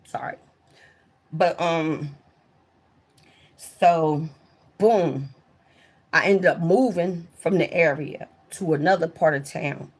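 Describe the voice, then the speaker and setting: A woman livestreamer with a low, husky voice speaks slowly with long pauses, telling casual, profane stories from her old jobs. She often addresses her viewers directly and gets loud and excited as each story peaks.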